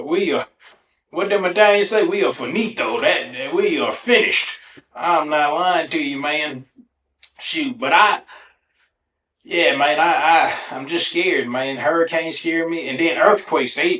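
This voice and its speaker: A man hosting a podcast alone, telling funny stories in a casual, animated way and swearing freely. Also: fairly high pitch. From Ohio, USA. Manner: animated, swears casually, breaks into exaggerated self-mocking. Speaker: podcast host. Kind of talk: casual solo storytelling. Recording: echoey room.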